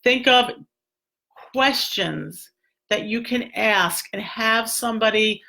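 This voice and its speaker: A woman's voice: a little high, slow pace, vocal fry, pushed and bright. A middle-aged woman, a speech therapist, giving casual advice in a chatty way with many fillers and restarts.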